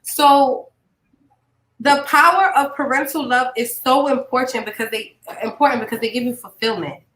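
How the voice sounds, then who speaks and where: Woman podcast host, high bright voice, animated, blunt, profane, echoey room. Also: normal speed. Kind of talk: casual podcast chat.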